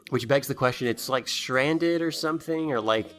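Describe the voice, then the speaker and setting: A man co-hosting a podcast, chatting casually about a movie with sarcastic jokes and quick silly character voices. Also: mid-range voice, fairly bright tone, faint music behind. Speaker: podcast co-host. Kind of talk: casual movie commentary chat.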